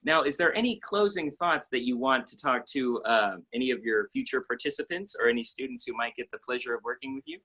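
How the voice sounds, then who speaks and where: A man's voice: medium pitch, lively intonation, fairly quick, hardly any pauses, bright, forceful tone, slightly rough. A man hosting an interview, eager and upbeat, often saying "like" and announcing class dates. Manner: eager and upbeat, with many likes. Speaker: host.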